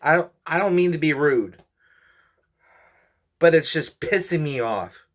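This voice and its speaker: A YouTuber and comedian in his twenties vents to the camera, rambling, stressed and weary, frustrated and apologetic, sighing often. His voice is on the high side with lively intonation, and he speaks a little slowly.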